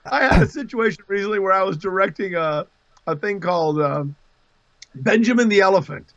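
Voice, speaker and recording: Man, high bright voice, dry dull lo-fi call audio, animated, laughs a lot. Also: fairly quick, no room sound. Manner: animated storyteller, laughs often. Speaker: voice actor guest. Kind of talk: casual livestream chat.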